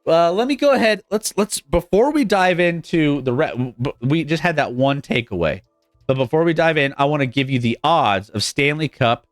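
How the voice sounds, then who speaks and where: A man hosting a live sports betting stream in a casual, animated way, chuckling often and restarting his sentences. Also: on the high side, normal speed, no echo, clean studio sound, faint music behind. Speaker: sports betting show host.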